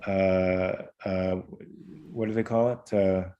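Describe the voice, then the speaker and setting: A man co-hosting a live podcast, chatting casually in a relaxed way and repeating words while he thinks. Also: low-pitched, slow pace, muffled recording. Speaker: podcast co-host. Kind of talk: casual live-stream chat.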